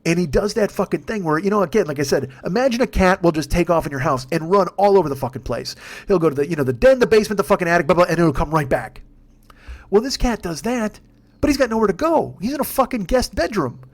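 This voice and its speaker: A man telling a long comic story in a profane, rambling, animated way, as a podcast host. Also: high-pitched, quick pace. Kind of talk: comedic storytelling monologue.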